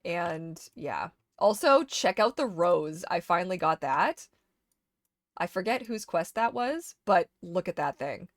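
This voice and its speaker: A woman streamer casually chatting to herself while sorting items in a game, getting animated when something excites her. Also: fairly low pitch, measured pace, dry recording, studio quality. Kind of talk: casual gameplay chat.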